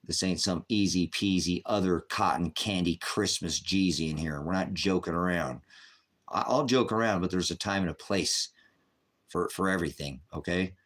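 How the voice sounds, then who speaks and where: This livestream host is a man in his fifties with a low, slightly bright voice and a moderate pace. He's combative in the live chat, bluntly firing back at trolls with repeated retorts.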